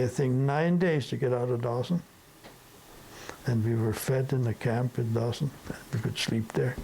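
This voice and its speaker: An older man from the Sudetenland recalls his past at an easy, rambling pace, dotting his tale with little tag questions. His voice is gravelly and mellow in tone. A faint hiss sits under the recording. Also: medium pitch, rough recording. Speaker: interviewee. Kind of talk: storytelling reminiscence.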